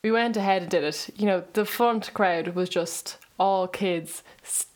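A woman musician, a guest, spins a casual story in a middle-pitched voice. She keeps breaking into laughter as she goes, chatty and lively. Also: unhurried. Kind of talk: casual anecdote telling.

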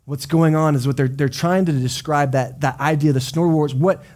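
A man's voice: a little high, steady tone, brisk, darkish tone. A man preaching a sermon as a pastor. He explains scripture in a conversational way, with casual asides, and acts out quoted voices of people. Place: church service.

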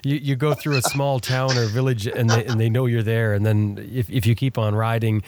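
A male podcast host asks questions in a halting way, restarting his sentences and laughing as he goes. His voice sits at an ordinary middle pitch. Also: steady tone, heavy background noise. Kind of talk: casual podcast chat.

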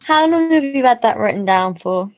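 A woman's voice: fairly high pitch, lively intonation, highs cut off. A woman co-hosting a casual podcast, joking and teasing as she chats about TV. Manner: teasing, quick to joke. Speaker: podcast co-host.

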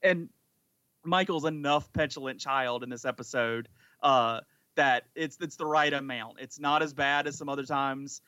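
A man's voice: medium pitch, normal speed, pushed and bright, clear, resonant tone, dry recording, dull audio. A man co-hosting a podcast in casual chat, talking eagerly and rambling with lots of fillers. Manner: enthusiastic, rambling, many "like" fillers. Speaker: podcast co-host.

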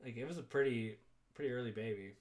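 A young man casually recapping a movie on a podcast, swearing a lot and laughing through animated retellings. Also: mid-range voice, quick pace, crowd noise. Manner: profane, laughing, animated retelling with quoted voices. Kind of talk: casual chat.

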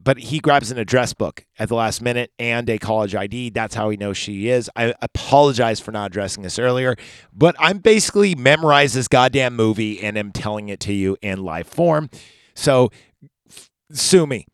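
A man's voice: medium pitch, expressive, normal speed, dry recording, clean studio sound. A man hosting a podcast, casually recapping a film in a rambling, profane, sarcastic way. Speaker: podcast host.

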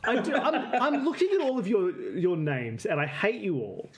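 A man's voice: high voice, huge pitch swings, normal speed, crowd noise. A man running a tabletop game over a video call, playful and laughing often. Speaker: game master.

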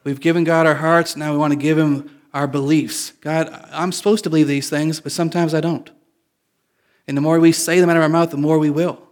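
A man's voice: a little high, level tone, brisk. Male pastor preaching in a conversational way. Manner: conversational, self-correcting, joking. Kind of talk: sermon.

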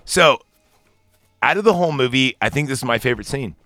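A man's voice: mid-range voice, fairly quick, dry recording, soft background music. A man co-hosting a casual podcast, profanely retelling movie scenes with lots of energy. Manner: crude, animated retelling with impressions. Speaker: podcast co-host. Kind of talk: casual movie-discussion chat.

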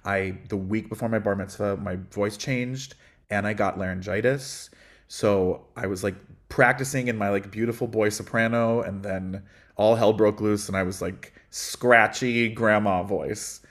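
Male guest, low bass voice, relaxed reflective podcast chat, fillers throughout. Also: moderate pace. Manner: reflective, chatty, frequent ums. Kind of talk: casual podcast conversation.

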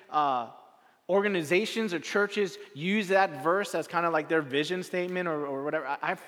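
Male pastor, bright high voice, storytelling sermon with big loud-to-quiet swings, long hall reverb. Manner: repetitive rhetorical phrasing.

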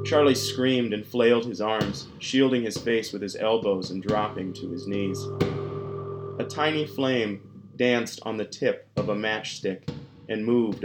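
A man reads a dark tale aloud at an unhurried, deliberate pace, his voice sitting a little low. Loud plucked guitar music plays under his narration throughout. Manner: slow, measured storytelling. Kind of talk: scripted horror narration.

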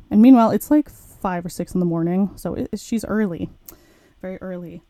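This young woman talks quickly in a mid-range voice, with no echo in the sound. On her podcast she tells a personal story openly and chattily, voicing her quoted thoughts in an animated retelling.

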